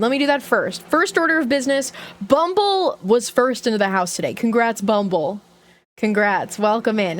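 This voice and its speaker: A young woman streaming live, chatting casually, giggling and greeting viewers by name. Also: on the high side. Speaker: livestreamer.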